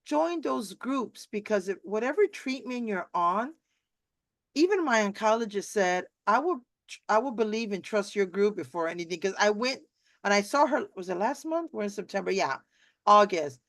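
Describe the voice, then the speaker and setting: A woman's voice: medium pitch, animated, moderate pace, fairly bright tone, no echo. Chatty middle-aged woman on a dry video call. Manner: chatty, rambling, with many restarts and acted-out quotes. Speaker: host. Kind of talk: casual chat on a live video interview.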